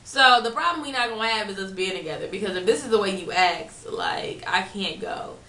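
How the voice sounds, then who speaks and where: A woman's voice: mid-range voice, a little fast, bright, forceful tone. A woman in her twenties telling a story to camera in a blunt, profane, chatty way. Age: 20s. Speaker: vlogger. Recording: echoey room, mic at a distance.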